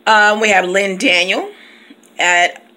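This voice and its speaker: A teacher who also vlogs talks at home while reading from her computer, keeping the chat casual and playful. Her medium-pitched voice is slow with a sharp tone, and she laughs often and breaks into snatches of song.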